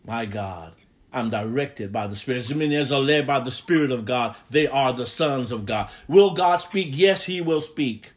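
A male preacher with a slightly high voice delivers a sermon. He reads old-fashioned scripture passages and preaches with emphatic rises and hushed, lower stretches. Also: lively intonation, normal speed. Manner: preaching with rising emphatic bursts and scripture readings in old English.

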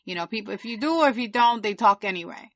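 Relaxed, reflective woman host. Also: medium pitch, quick pace, no room sound. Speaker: podcast host. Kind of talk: casual chat.

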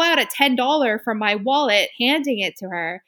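A woman chatting casually as a co-host, telling a story with lively acted-out quotes and some swearing. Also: on the high side, normal speed. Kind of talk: casual chat.

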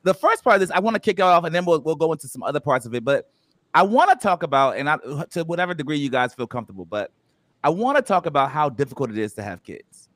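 A man's voice: fairly high pitch, big pitch swings, quick pace, fairly bright tone, no room sound. A man hosting a casual podcast chat, playful and loose, with plenty of fillers as he leads the talk. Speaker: podcast host.

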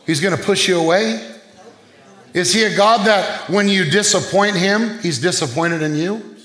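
High-voiced preaching man in an echoey room. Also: moderate pace, a bit bright. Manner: call-and-response preaching, rhetorical questions. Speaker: pastor. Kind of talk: sermon.

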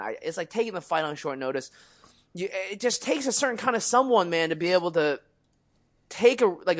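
A young man co-hosting a podcast, telling a story in casual chat, animated, swearing freely and acting out the people he quotes. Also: a little high. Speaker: podcast co-host.

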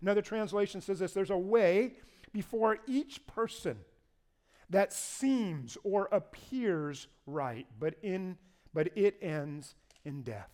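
A man preaching a sermon in an animated way, asking his listeners to repeat key words back to him. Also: high voice, takes it slowly. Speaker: pastor.

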